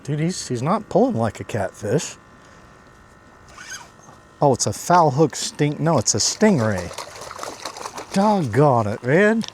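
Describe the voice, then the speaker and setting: Male outdoor host, mid-pitched, chatty and excitable, narrating his catch live from a kayak with faint background noise. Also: takes it slowly, long pauses. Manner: excitable, talks to viewers while fishing. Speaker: fishing vlogger host. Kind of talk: casual running commentary.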